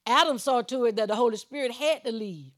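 Woman preacher, high voice, emphatic sermon delivery with loud points and low asides. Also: a little fast. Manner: chuckles while preaching, conversational.

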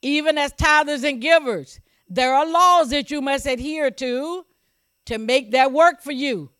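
The voice is high-pitched, slightly bright and a little slow, captured clean with no echo. A preacher at a church service that is also streamed online repeats key phrases emphatically and asks the audience whether they're paying attention.

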